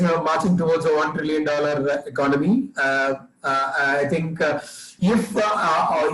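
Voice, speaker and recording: A man with an Indian English accent giving a webinar presentation as faculty coordinator, halting and full of filler sounds. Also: a little high, roomy sound, rough recording.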